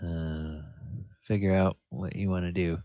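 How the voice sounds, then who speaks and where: A man's voice: low voice, fairly even intonation, unhurried, no room sound. A man running a tabletop game as game master, easygoing and hesitant with fillers, over an online voice call. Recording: dull lo-fi voice-call audio.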